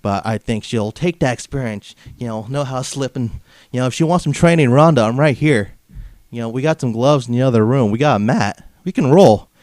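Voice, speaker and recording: A man's voice: medium pitch, fairly quick, a little mellow, dry recording, studio quality. A man from Southern California hosting a comedic wrestling podcast, brash and mocking, padding his rants with filler phrases. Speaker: podcast host.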